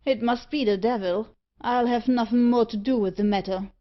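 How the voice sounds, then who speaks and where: A woman's voice: a little high, steady tone, normal speed, lo-fi sound, close to an everyday voice. A woman reading the part of a nervous, superstitious male dog fancier. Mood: uneasy.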